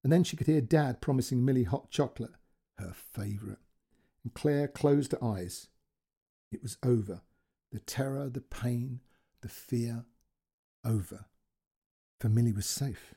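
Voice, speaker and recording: Gravelly, dark-voiced male storyteller. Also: mid-range voice, a little slow, long pauses. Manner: expressive, emotional reading. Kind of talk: scripted narration of a short story.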